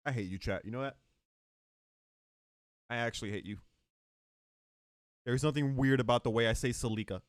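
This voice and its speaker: A man's voice: medium pitch, normal speed, pauses often, dry recording, studio quality. A man streaming live, chatting casually and joking with his chat. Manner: joking, animated, talks to chat.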